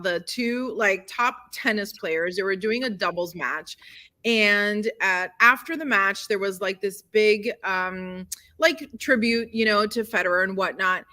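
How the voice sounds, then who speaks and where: A middle-aged mother co-hosting a talk show, chatting warmly and effusively and laughing often. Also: medium pitch, measured pace. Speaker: podcast co-host. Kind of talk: casual chat.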